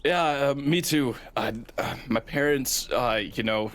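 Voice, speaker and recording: A man's voice: medium pitch, measured pace, fairly bright tone, pitched below the performer's own voice, natural voice. A man voicing a nervous teenage scout who stammers and mumbles. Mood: awkward.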